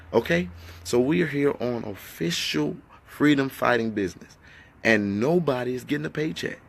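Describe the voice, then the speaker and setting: Man, gravelly voice, impassioned livestream talk, rhetorical questions, echoey indoor room. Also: medium pitch. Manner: fiery, rhetorical questions, then hushed. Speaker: activist addressing followers.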